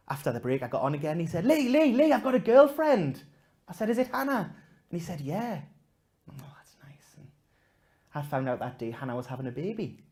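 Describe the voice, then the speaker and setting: A man doing stand-up comedy, telling a story to a live audience in a self-mocking way, swinging from loud punchlines to hushed asides. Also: medium pitch.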